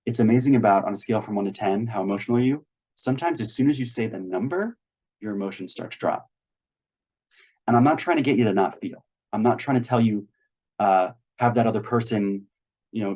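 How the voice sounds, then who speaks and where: Hosting a weekly meetup over a video call, a man gives an earnest instructional talk, coaching listeners and acting out sample dialogues. His voice is lowish with a darkish tone, and he speaks briskly.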